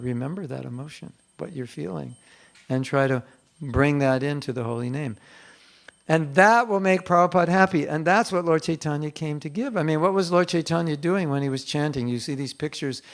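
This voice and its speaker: A man's voice: fairly high pitch, creaky. Earnest older man giving a devotional class. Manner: earnest and conversational, acts out quotes in soft hushed tones. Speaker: spiritual teacher giving a class.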